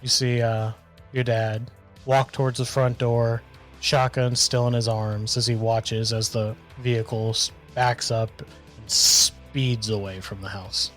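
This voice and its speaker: A man's voice: mid-range voice, level tone, a little slow, fairly bright tone, faint music behind. A man narrating a tabletop game as game master, in a loose, hesitant way. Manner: loose, hesitant, full of restarts.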